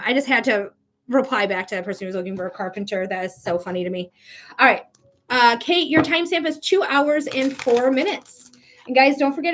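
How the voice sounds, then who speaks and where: A woman's voice: sits high, a bit bright, a little hiss or hum. A woman hosting a live-streamed psychic tarot reading. She talks casually and emphatically, swearing freely. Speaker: psychic reader.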